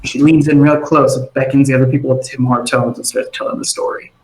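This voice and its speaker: A man narrating a tabletop game as game master, animated and jumping into side characters. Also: medium pitch, quick pace, hardly any pauses, echoey room, a little hiss or hum, poor audio.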